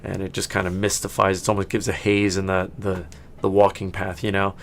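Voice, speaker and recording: A man's voice: low-pitched, completely flat delivery, brisk, vocal fry, slight background noise. A man running a tabletop game as game master, narrating in a rambling way with many restarts and frequent laughs. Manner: rambling, full of fillers and restarts, laughing often.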